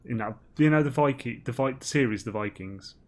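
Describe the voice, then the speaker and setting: A man's voice: medium pitch, a little fast, darkish tone. A man streaming a game, chatting in a rambling, giggly way full of ums and restarts. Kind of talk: casual gaming banter.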